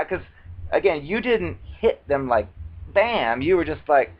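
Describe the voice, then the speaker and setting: Animated man telling a story, lo-fi. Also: fairly high pitch, a little slow. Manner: animated, acts out quoted voices dramatically. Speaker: video blogger. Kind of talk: casual storytelling monologue. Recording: dull lo-fi recording.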